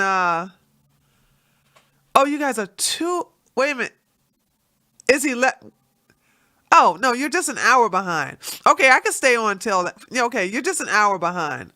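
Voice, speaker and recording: A livestream host with a congested, allergy-stuffed nose chats loosely and rambles with her audience, laughing easily and often. Her fairly high voice sounds bright and pushed forward in this casual stream.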